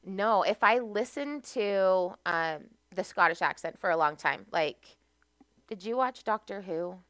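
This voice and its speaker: A woman's voice: mid-range voice, expressive, unhurried, a bit bright, no room sound. A young American woman, a podcast guest, telling stories from her life in a chatty way and laughing often. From United States. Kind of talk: casual podcast conversation.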